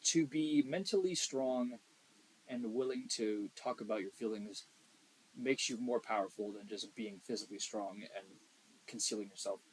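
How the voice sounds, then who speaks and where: A young man co-hosting a podcast in casual chat, blunt and profane, swinging between loud emphasis and quiet asides. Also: lowish voice, moderate pace, slight background noise, rough recording. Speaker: podcast co-host.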